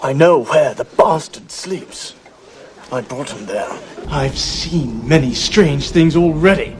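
A shaken young English solicitor. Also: male voice, on the high side, expressive, slow. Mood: agitated. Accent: Southern English, inconsistent. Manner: wavering R sounds. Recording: film clip with crowd noise.

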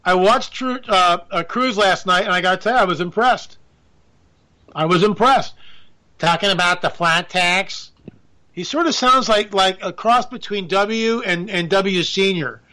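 A man's voice: high-pitched, measured pace, sharp tone. A man hosting a radio show, riffing through a sarcastic, rambling political monologue with jokey asides.

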